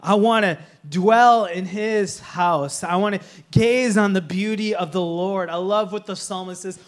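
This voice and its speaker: A man with a strikingly high voice delivers a sermon to his congregation. He preaches with earnest emphasis and easily slips into a joking, playful aside. He sounds like a pastor speaking from the front of a church. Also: a little slow, few pauses.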